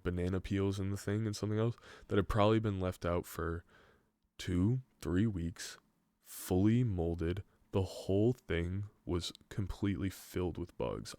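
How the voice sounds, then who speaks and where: A young man with a low, deep voice tells a long, rambling story in loose, profane podcast chat. He leans on "like" as a filler all the way through. The sound is close and dry, with no room echo. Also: darkish tone. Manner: rambling, profane, heavy use of "like". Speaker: podcast host.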